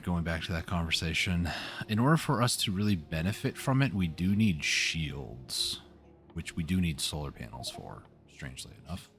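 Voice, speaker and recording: A man's voice: sits low, fairly bright tone. A man hosting a co-op gameplay session, chatting casually in a laid-back, teasing way. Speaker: let's play host.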